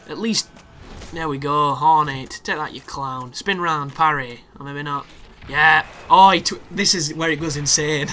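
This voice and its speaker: A young man commentating on his own gameplay, excitable and sweary, with sarcastic asides. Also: fairly high pitch, moderate pace, slight background noise. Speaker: gaming commentator.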